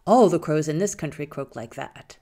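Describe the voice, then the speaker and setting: A woman's voice: low-pitched, moderate pace, warm tone. A woman voicing a wicked robber who brushes off questions in an offhand, dismissive way. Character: wicked rich robber posing as uncle.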